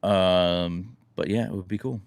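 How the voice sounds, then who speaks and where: Creaky low-voiced American man chatting. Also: measured pace, dry recording. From United States. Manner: relaxed, rambling, self-deprecating. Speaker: livestream host answering chat. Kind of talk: casual live chat.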